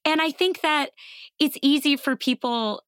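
A woman hosting a podcast, narrating in a measured, earnest way and interviewing her guest. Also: high-pitched, a bit bright, no echo, clean studio sound. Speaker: podcast host and cognitive scientist.

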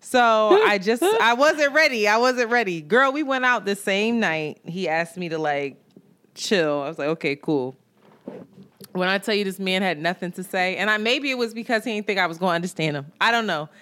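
A woman's voice: medium pitch, moderate pace, fairly bright tone, clean tone. A woman podcast co-host in casual chat, telling a long story with laughs and playful quoted voices. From New York.

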